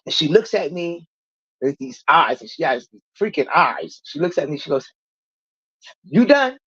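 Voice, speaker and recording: At a normal speed and with a breathy edge, a woman recounts her own recovery in a casual livestream chat, blunt and profane. She's animated, raising her pitch to act out the people she quotes. The recording is dry, with the highs cut off.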